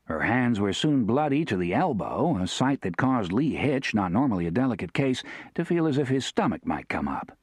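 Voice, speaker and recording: A man's voice: medium pitch, moderate pace, hardly any pauses, breathy edge, dry recording. Man narrating a western audiobook. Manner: steady, expressive storytelling.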